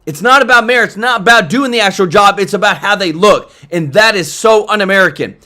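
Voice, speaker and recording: A man's voice: high-pitched, a little fast, sharp tone. A young man hosting political reaction commentary, fired up and talking straight to his viewers.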